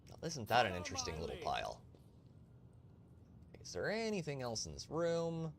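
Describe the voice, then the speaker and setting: Man, game streamer, lively pitch, casual swearing, reads logs aloud. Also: normal speed. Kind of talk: casual let's-play commentary.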